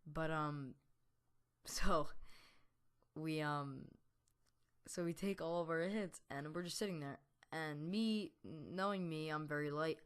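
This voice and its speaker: A man's voice: fairly high pitch, slow pace, long pauses, a bit bright, clear, resonant tone. Rambling teenage boy telling a story. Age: teens. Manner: rambling, full of fillers and restarts; laughs now and then while telling. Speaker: gaming YouTuber. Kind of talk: storytelling over gameplay commentary.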